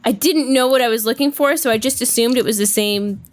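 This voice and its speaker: A woman's voice: a little high, brisk. A woman co-hosting a podcast, chatting casually and acting out her own reactions as she tells a game story. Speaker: podcast co-host. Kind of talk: casual chat about a video game.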